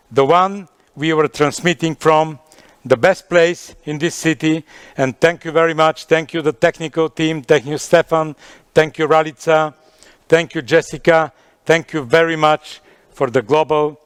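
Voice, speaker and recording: A man wraps up an online summit over a video call, thanking people again and again. His voice is smooth and resonant, pitched a little high, and recorded dry and close. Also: no echo. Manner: warm, effusive thanks with repetitions. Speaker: summit host. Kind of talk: closing remarks at an online summit. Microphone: video call microphone.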